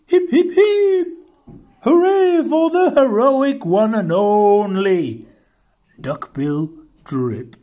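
A storyteller voicing a flock of cheerful, hooting duck-billed dinosaurs in a storybook read-aloud, high and gleeful. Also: very animated, takes it slowly, dark tone, lo-fi sound. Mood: jubilant.

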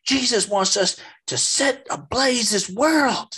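A woman's voice: fairly high pitch, slow, a bit bright, breathy edge, voice pushed up, full character voice. A man voicing a fiery Southern nun preaching, with a drawling, emphatic Southern accent.

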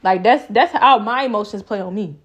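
A woman's voice: mid-range voice, a little fast, husky, muffled recording. Woman giving an emphatic faith reflection. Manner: emphatic, repetitive preaching cadence. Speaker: vlogger.

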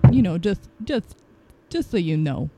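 A woman's voice: lowish voice, sing-song, normal speed, background noise. A woman co-hosting a casual podcast chat, making bawdy jokes in a laid-back way and chuckling between lines.

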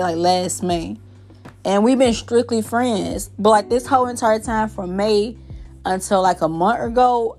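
A young woman talking candidly and at length in a personal podcast monologue, rambling with many fillers. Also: medium pitch.

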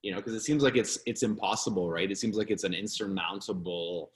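A man co-hosting a casual podcast, offering thoughtful, measured advice. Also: deep voice. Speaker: podcast co-host.

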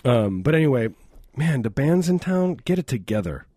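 A man's voice: mid-range voice, sing-song, normal speed, warm tone, dry recording, studio quality. A man co-hosting a radio show, bantering loosely and joking at his own expense. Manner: self-mocking, jokey, mimics voices, frequent laughs.

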